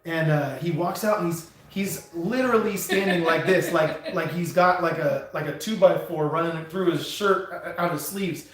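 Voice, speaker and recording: A man's voice: a little high, normal speed, few pauses. Man telling a story in a very echoey room. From California. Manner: rambling, animated anecdote with many restarts and chuckles. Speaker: truck driver and live stream host. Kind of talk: casual storytelling on a live stream.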